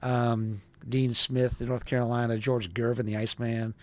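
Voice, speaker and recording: A man's voice: mid-range voice, little pitch movement, normal speed. Chatty man telling radio stories. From Wisconsin, USA. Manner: chatty storyteller who acts out quoted voices. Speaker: podcast guest, former radio DJ. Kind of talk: storytelling interview.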